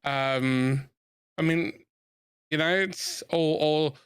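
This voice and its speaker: Casual gamer chat, south east london guy, higher voice, rambles and restarts. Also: fairly even intonation, drawn-out words, a bit bright, clean tone, no room sound. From England. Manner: rambling, restarts often, laughs easily. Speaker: gamer chatting with friends. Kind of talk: casual chat over gameplay.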